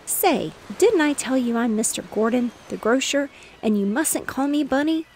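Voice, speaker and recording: A woman's voice: on the high side, expressive, a little fast, a little mellow, a little hiss or hum. A woman voicing an earnest, bossy little boy pretending to run a grocery store in a storybook. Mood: indignant.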